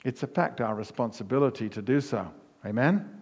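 A man preaching a sermon as pastor, emphatic, with punchy repetition that rises to near-shouts on key words. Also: mid-range voice, expressive, fairly quick. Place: church hall. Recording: long reverb of a church hall.

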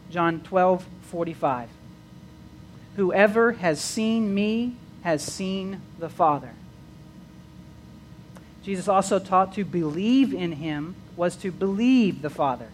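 A man's voice: high voice, a little hiss or hum, rough recording. A man preaching a sermon, repeating words as he restarts phrases and rising into emphatic bursts.

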